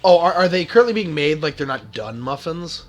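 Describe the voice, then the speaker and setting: A man's voice: a little high, sing-song, a little fast. A man streaming a video game, talking casually and sardonically, often swearing. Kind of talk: casual gaming chat.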